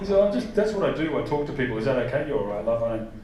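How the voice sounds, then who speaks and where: A man's voice: mid-range voice, sing-song, very fast. A man of about forty, doing brash stand-up comedy and bantering with the crowd on a theater stage. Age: 40s. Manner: brash, swearing, talks to the crowd. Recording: echoey theater from far off. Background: audience laughter.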